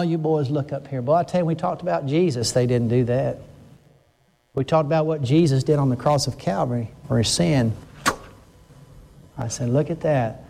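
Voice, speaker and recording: An older man preaching a conversational sermon, earnest and emphatic, slowing down to stress his words. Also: mid-range voice, vocal fry, a little mellow.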